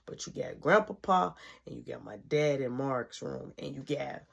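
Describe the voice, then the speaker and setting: A woman vlogger narrating a personal story in an animated way, swinging between loud and hushed. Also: a bass voice, normal speed, creaky, husky.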